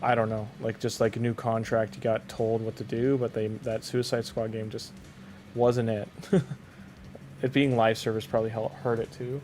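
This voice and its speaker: Speaking at a moderate pace with a level tone, a young Canadian man's mid-range voice sounds a little mellow against slight background noise. In this casual game-stream chat he rambles in his Canadian accent, relies on "like," and keeps restarting sentences.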